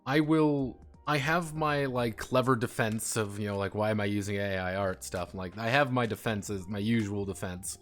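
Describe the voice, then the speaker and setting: A young man with a fairly low voice talks casually on a stream, blunt and direct. He rambles, restarts his sentences and laughs often, over faint music in the background. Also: steady tone, normal speed, few pauses, fairly bright tone.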